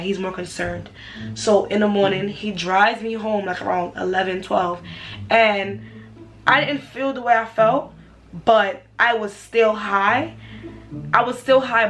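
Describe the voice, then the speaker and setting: A woman's voice: mid-range voice, poor audio. Young woman telling a storytime vlog. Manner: casual, animated retelling with repeated phrases. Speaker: vlogger.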